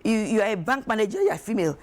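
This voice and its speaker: A woman, speaking as an expert guest on a talk show, emphatic and animated, acting out quoted voices. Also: medium pitch, very fast. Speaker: guest expert on emotional wellbeing. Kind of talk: studio talk show discussion.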